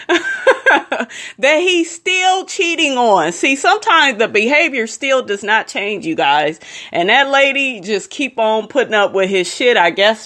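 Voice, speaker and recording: A woman's voice: mid-range voice, a bit bright. A woman vlogger giving blunt, profane, emphatic commentary straight to her viewers. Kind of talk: casual commentary.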